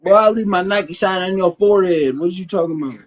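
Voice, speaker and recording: A man's voice: high-pitched, a little fast, muffled recording. A man from Illinois on a livestream, arguing with his chat in a profane, confrontational, trash-talking way. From Champaign, Illinois, USA. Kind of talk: heated livestream argument.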